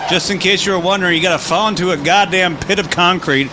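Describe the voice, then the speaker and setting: A man's voice: high voice, fairly quick, noisy background. A man co-hosting a live comedy podcast, bantering casually, laughing often and swearing freely. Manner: swearing, laughing, playful put-on voices. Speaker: podcast co-host.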